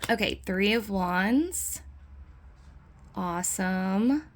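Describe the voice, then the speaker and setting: A woman's voice: medium pitch, animated, very slow, a little hiss or hum. A woman chatting her way through a tarot deck, enthusiastic and full of fillers. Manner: puts on playful dog voices in quotes. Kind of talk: casual deck flip-through.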